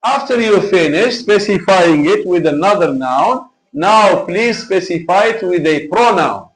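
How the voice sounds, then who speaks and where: A man's voice: on the high side, poor audio. A man teaching an Arabic class live online, patient and repetitive as he drills examples.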